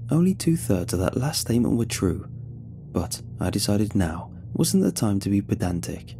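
A man narrating a scripted horror story in a tense, measured way. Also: fairly low pitch, very animated, gravelly, background noise.

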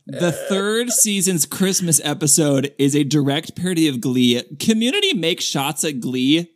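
A man with a fairly high voice, co-hosting a casual pop-culture podcast. He rambles along with lots of "like" fillers and often breaks into laughter mid-sentence. His tone is loose, conversational, and quick to get animated. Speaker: podcast co-host.

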